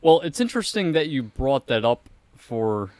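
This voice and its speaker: Young man hosting a podcast, lively voice. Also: medium pitch, moderate pace, no echo. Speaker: podcast co-host. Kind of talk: casual podcast chat.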